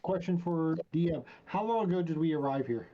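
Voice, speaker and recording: A man's voice: on the high side, lively intonation, brisk. A man playing a tabletop game over a call, easygoing and a little hesitant. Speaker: player. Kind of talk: casual game chat. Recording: dull lo-fi mic.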